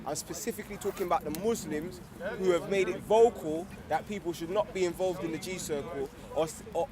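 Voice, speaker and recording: A young man speaking casually outdoors on a street, full of slang and frequent "you get me". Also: fairly high pitch. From England. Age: young adult. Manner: slangy, repeats "you get me", grows fervent and loud. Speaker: organiser of a street discussion circle.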